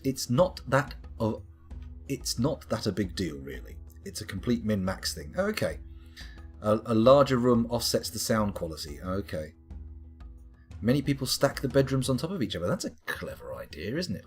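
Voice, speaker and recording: A man streaming a game live, chatting casually and answering his chat as he plays. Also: on the low side.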